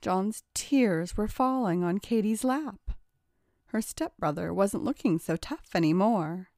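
A woman narrates a story in a steady, even-toned way. Her voice sits at a middle pitch, and the recording is dry and close, with no room sound. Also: slow, no room sound. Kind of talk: storybook reading.

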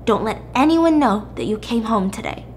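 A woman voicing a gentle young man who softly reassures his frightened adoptive sister while retelling a drama. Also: on the high side, lively intonation, moderate pace, a little hiss or hum, close to an everyday voice. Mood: soothing. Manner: soft soothing reassurance.

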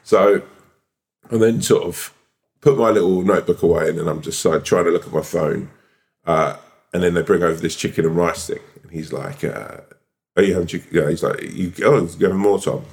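Deep-voiced man telling a story. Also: moderate pace, vocal fry. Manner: animated storyteller, swears, acts out quoted voices. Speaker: podcast co-host. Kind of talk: casual storytelling chat.

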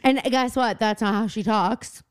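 A woman's voice: fairly high pitch, a little slow, clear, resonant tone, no room sound, clean studio sound. A young woman co-hosting a casual podcast, telling stories animatedly with lots of fillers and laughs. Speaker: podcast co-host. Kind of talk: casual chat.

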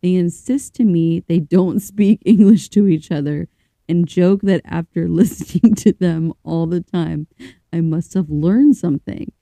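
Podcast co-host, woman, lowish dark mellow voice, chatty, dry close sound. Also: unhurried, gravelly, no echo. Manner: chatty, thinks aloud with fillers and restarts. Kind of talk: casual podcast chat, reading stories aloud.

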